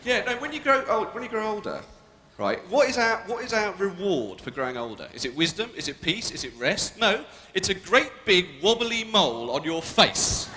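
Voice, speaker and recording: A young British man performs live stand-up on a large arena stage, cheekily and provocatively bantering with the audience. His high-pitched voice is pushed and bright, with big pitch swings at a moderate pace. The echoey arena adds long reverb and crowd noise.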